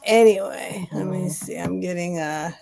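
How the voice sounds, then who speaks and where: A woman's voice: on the low side, a little slow, creaky, mellow, faint music behind. A middle-aged woman hosting a casual live sale stream, talking in a chatty, rambling way with emotional asides.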